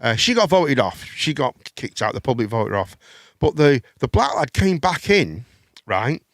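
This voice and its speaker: A man's voice: mid-range voice, sing-song, moderate pace, gravelly, no room sound, studio quality. A middle-aged man hosting a live chat show, rambling with stammering restarts and casual swearing.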